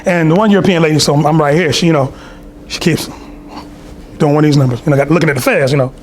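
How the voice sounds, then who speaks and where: High-voiced man giving a sermon. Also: fast, a little hiss or hum. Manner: loose, storytelling, many fillers and asides. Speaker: speaker at a temple meeting. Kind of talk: conversational sermon. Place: temple hall.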